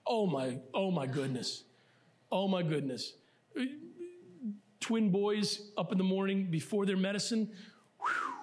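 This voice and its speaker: In a church sanctuary, a middle-aged male pastor whose voice sits high preaches a sermon. His style is conversational and self-deprecating, with asides directed at the congregation.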